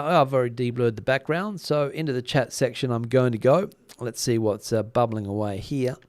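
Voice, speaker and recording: A man's voice: mid-range voice, dry recording, clean studio sound. Chatty man hosting a live stream. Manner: relaxed, chatty, frequent uh fillers. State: slightly worn voice. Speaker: YouTube news channel host. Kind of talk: live stream chat with viewers.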